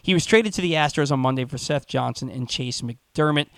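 A man hosting a sports talk radio show, animated and stumbling over his words, on a studio mic. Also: mid-range voice, brisk, smooth, no room sound.

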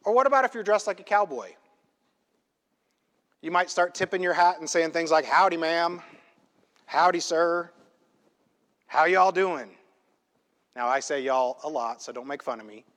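A male pastor preaching a sermon in a church, emphatic and conversational, often checking in with a quick "right?". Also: on the high side, a bit bright. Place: church sanctuary. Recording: long hall reverb in a church.

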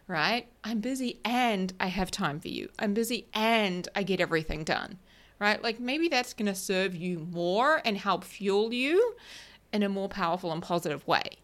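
A woman's voice: mid-range voice, animated, normal speed. A woman life coach hosting her own podcast, talking casually and often checking in with "right?" and a small laugh at herself. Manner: chatty, keeps asking "right?", laughs at herself. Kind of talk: casual solo podcast talk.

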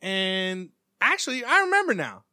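High bright guy, voice bouncing all over, cussing through a story, dry mic. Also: wildly swooping pitch, moderate pace, no echo. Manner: swearing, retelling with quotes. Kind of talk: casual chat.

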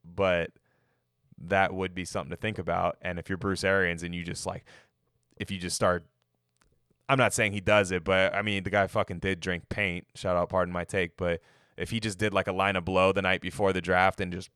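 A man's voice: deep voice, little pitch movement, moderate pace, a bit bright, clean tone, no room sound, studio quality. A man giving loose, profane, opinionated football draft takes in a casual podcast ramble. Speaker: NFL mock draft podcaster. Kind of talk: casual sports talk.

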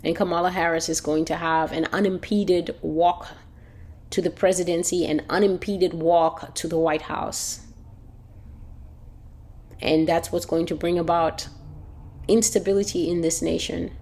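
Woman, prophetic preacher, fervent, declaiming, lowish voice. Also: fairly even intonation, unhurried, pauses often, a little mellow. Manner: fervent, declaiming, repeats phrases for emphasis. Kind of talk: prophecy delivered as a prayer call. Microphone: phone line.

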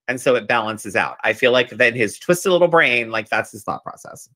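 A man with a bright, forceful voice chats on a podcast about a reality show. He gossips with plenty of energy and swears casually. His pitch sits in the middle of the usual range. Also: expressive, a little fast, hardly any pauses. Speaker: podcast co-host.

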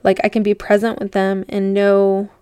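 Smooth-voiced woman telling a personal story. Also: mid-range voice, completely flat delivery, normal speed, warm tone, no echo. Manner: candid, rambling, uses "like" a lot. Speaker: podcast host.

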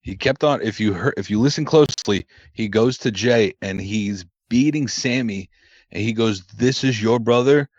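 A man with a low voice adds relaxed, dry comments to a casual chat. His audio is dry and a little muffled, with the top end dulled. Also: moderate pace, slightly rough, dry recording. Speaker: podcast co-host.

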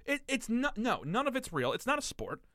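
A man's voice: very high-pitched, wildly swooping pitch, brisk, sharp tone, no room sound, clean studio sound. A man in casual podcast banter, ranting emphatically and swearing often.

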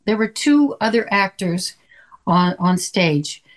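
An older woman from Canada, an actress guest chatting in an interview and telling lively stories with quoted voices. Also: medium pitch, slow. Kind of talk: conversational interview.

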